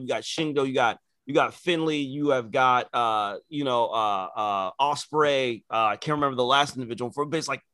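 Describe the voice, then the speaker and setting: A man co-hosting a casual talk show, chatting loosely and working himself up into loud, excited rants. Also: mid-range voice, dry recording. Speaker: podcast co-host. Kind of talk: casual chat.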